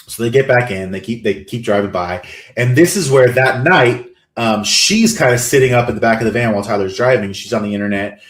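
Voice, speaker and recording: A man's voice: mid-range voice, fairly quick. Male podcast co-host, casual recap, slips into the characters' voices, roomy echo. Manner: animated retelling with acted-out quotes. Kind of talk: casual chat.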